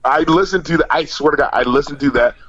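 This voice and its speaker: A man chatting casually, excitedly and with slang, often repeating "dude" as he recalls comedy routines. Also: on the high side, quick pace, highs cut off. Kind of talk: casual conversation.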